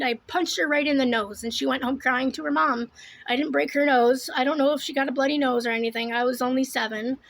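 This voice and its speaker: A woman with a high voice talks straight to camera as she does her makeup. She rambles in a heated, profane monologue. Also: a bit bright, rough recording. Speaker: vlogger doing makeup.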